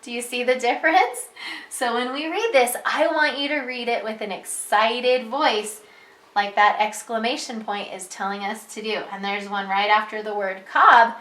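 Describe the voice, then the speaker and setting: A preschool teacher leads a reading lesson for young children, slow and patient, in a bright, slightly high voice. She speaks in a sing-song way and bursts into excited calls as she reads aloud, all in an echoey room.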